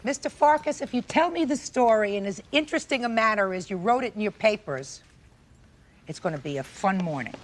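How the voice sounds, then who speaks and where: Brisk older New York woman judge. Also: medium pitch, expressive. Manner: brisk, commanding. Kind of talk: presiding over a televised courtroom.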